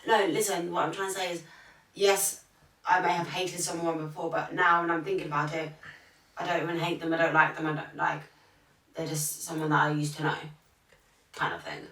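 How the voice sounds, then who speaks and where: A woman's voice: sits low, little pitch movement, fairly quick, fairly bright tone, far from the mic. A woman co-hosting a podcast, chatting casually and rambling with many fillers and restarts. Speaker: podcast co-host. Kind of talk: casual chat. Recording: roomy, off-mic sound.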